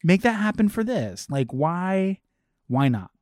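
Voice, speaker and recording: Animated young man on a podcast. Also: high-pitched, unhurried, no echo, studio quality. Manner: animated, swearing, acts out quotes. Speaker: podcast co-host. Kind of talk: casual chat.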